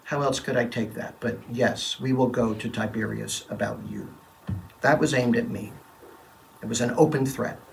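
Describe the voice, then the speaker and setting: A man's voice: medium pitch, fairly even intonation, moderate pace, vocal fry, distant mic, slight background noise, close to an everyday voice, poor audio. A man playing a troubled, defensive middle-aged Roman governor in a first-person dramatic monologue, telling his story in a brooding, confessional way with emphatic quoted lines.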